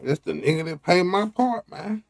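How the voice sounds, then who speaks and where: A man commenting in casual chat, speaking slowly and drawing out his words. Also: high-pitched, expressive, gravelly, dry recording, studio quality, faint music behind.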